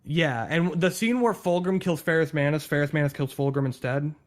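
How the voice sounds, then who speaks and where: A man in casual chat, excitedly explaining game lore, swearing and going on tangents. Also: on the high side, fairly quick.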